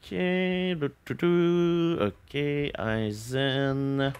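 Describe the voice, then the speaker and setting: A man's voice: on the high side, steady tone, drawn-out words, a little mellow, a little hiss or hum. A man hosting a party-game tournament on stream, chatting casually, laughing often and hamming up the game announcements.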